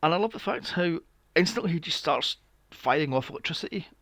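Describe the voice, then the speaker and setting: A man's voice: a little high, lively intonation, fairly quick, a bit bright, no room sound. A young man recapping a film on a podcast, sarcastic and swearing freely with mocking asides. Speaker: podcast co-host. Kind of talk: casual movie recap chat.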